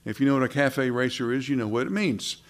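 A man's voice: medium pitch, fast talker. A man preaching a sermon in a conversational way, with asides and rhetorical questions.

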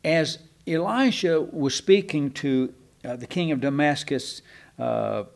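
A man's voice: fairly high pitch, slow pace, vocal fry. A man teaching a Bible class in a folksy, rambling way, with asides to his listeners.

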